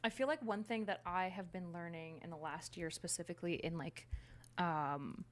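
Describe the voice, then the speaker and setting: Chatty woman, low voice. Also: moderate pace. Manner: chatty, explains with many fillers. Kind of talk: casual conversation.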